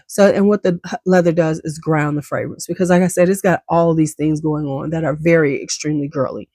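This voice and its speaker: A woman's voice: low-pitched, steady tone, brisk, mellow, no echo, studio quality. A woman giving a casual, enthusiastic perfume review, chatty and full of slang, coughing now and then. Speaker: beauty vlogger.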